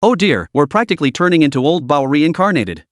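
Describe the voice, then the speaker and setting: Brief: an exasperated, complaining woman doctor read by a male narrator, lively pitch. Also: brisk, no echo, studio quality.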